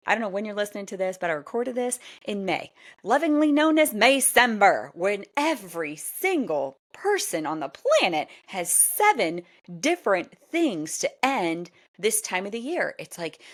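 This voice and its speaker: A woman in her forties hosting a solo podcast, chatty and animated and often laughing. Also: mid-range voice. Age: 40s. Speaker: podcast host. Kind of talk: casual solo podcast talk.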